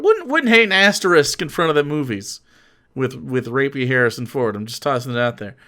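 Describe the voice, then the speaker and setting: A man streaming, reacting to a clip with profane ranting commentary, laughing often and swinging from mumbles to shouts. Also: medium pitch, big pitch swings, fairly quick.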